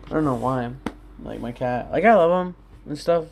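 A man's voice: mid-range voice, expressive, moderate pace, vocal fry, darkish tone, a little hiss or hum. A young man in his own room, rambling candidly and swearing often in a casual solo talk to his listeners. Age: young adult. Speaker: podcast host.

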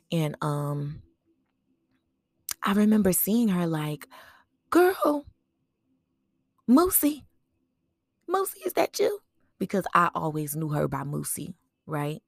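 Low, gravelly woman reminiscing. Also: darkish tone, no echo, studio quality. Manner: conversational, often ends thoughts with "right?"; reflective storytelling with fillers. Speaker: podcast host. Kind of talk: personal memorial monologue.

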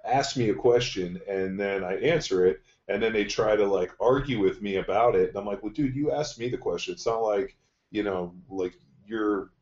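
A man's voice: fairly low pitch, moderate pace, a little mellow. A man hosting a casual podcast, telling stories in a blunt, profane way. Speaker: podcast host, strength coach. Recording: dull, roomy studio sound.

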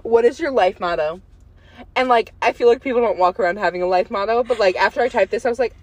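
A woman's voice: fairly high pitch, quick pace. A teenage girl hosting a casual chat podcast with a friend, giggly and rambling with lots of fillers, recorded on a phone. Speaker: podcast host.

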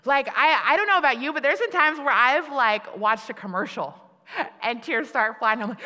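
A woman's voice: a little high, fairly quick, sharp tone. A woman giving a conversational sermon, laughing at herself and restarting her sentences often, with many fillers. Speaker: preacher. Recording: long hall reverb.

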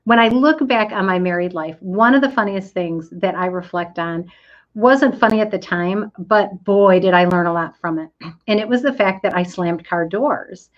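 A woman's voice: medium pitch, lo-fi sound. A middle-aged woman giving a motivational coaching talk, stressing words and acting out quoted complaints. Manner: emphatic, drawn-out stresses, acts out quoted complaints.

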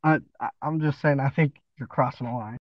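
A man's voice: medium pitch, fairly even intonation, fairly quick, heavy background noise. A young man, the host's brother, adding blunt, crude side comments to a casual podcast chat. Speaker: co-host. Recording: dull lo-fi dry sound.

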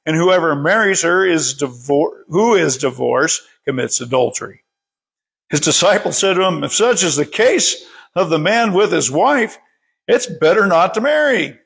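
Bible study leader, male, raspy voice; plain, unhurried scripture reading with small slips. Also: on the high side, expressive, a bit bright. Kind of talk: leading prayer and reading scripture aloud.

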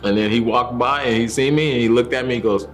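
Soft music accompanies this testimony speaker as he tells his faith story with earnest feeling, acting out each person's voice. His pitch is medium, his tone steady, and his pace quick.

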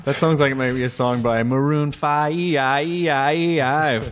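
A man's voice: fairly high pitch, fairly even intonation, slow pace. Jokey male podcast host. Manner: jokey, laughs often. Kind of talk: casual interview chat. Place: recording studio. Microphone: studio microphone close up.

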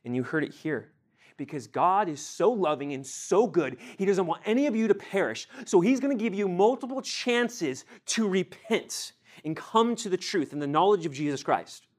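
A young man teaching a sermon to a group, animated, acting out everyday scenes and quizzing his listeners. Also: fairly high pitch. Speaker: youth teacher.

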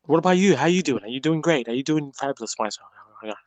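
A man's voice: fairly high pitch, lively intonation, fast talker, no room sound. Profane joking British man on a call-in stream. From England. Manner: profane, joking, mock-aggressive. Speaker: host of a call-in live stream. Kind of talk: rowdy casual banter.

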